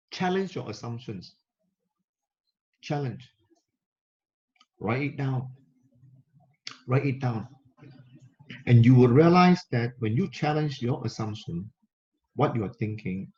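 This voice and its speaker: Guy doing a slow motivational talk to camera, repeats himself a lot, kinda dull lo-fi sound. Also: medium pitch, mellow. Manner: repetitive, emphatic, coaching. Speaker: motivational speaker. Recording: slightly muffled lo-fi recording.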